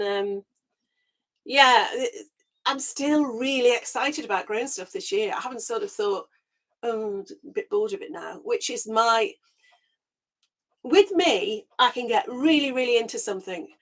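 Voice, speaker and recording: A woman hosting a casual live gardening chat through her webcam microphone, chatty and quick to laugh, her voice a little squeaky as it recovers. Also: a bit bright. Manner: chatty, laughs often, greets viewers by name. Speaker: gardening channel host.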